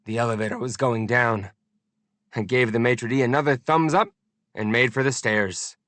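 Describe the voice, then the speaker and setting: A man narrating a first-person audiobook in an expressive, deliberate storytelling manner. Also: medium pitch, dry recording.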